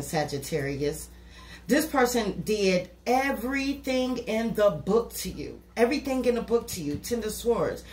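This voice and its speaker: A woman giving a casual tarot reading to camera, talking bluntly and with plenty of swearing, often saying "you know". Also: fairly high pitch. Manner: blunt, profane and talkative, with repeated "you know". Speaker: tarot reader. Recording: echoey room with steady noise.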